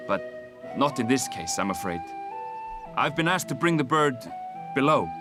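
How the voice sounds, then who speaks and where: An actor playing a polite, measured male researcher who looks after creatures in a game. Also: mid-range voice, very animated, close to an everyday voice. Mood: calm. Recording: game voice with music behind.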